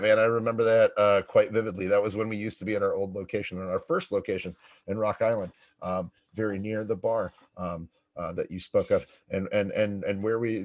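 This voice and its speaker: A man's voice: fairly low pitch, a little mellow, dry recording. A man hosting a casual interview, laid-back and chatty, with lots of fillers and repeated words. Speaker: host and writing center director.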